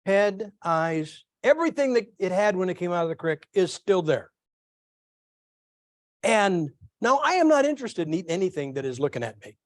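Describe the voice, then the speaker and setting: A middle-aged male pastor preaching a sermon, telling folksy stories with lively asides to his congregation. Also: high-pitched, normal speed, dry recording, studio quality. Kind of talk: sermon with storytelling.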